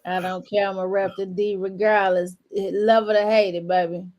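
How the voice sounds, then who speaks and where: A woman's voice: mid-range voice, little pitch movement, moderate pace, a little mellow, highs cut off. Blunt woman on a panel. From Detroit, USA. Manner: blunt, laughing, slangy. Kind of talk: casual chat.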